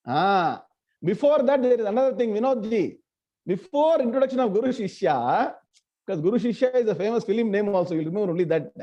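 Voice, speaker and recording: A man's voice: high voice, lively intonation, a little fast, mellow. A man leading an online scripture class, often quizzing students by name. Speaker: scripture teacher. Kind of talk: online lecture. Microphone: video call. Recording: muffled lo-fi online class audio.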